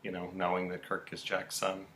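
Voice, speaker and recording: A deep-voiced man co-hosts a podcast, casually recapping soap-opera episodes as an animated storyteller and acting out the characters' lines. He keeps a moderate pace, with slight background noise.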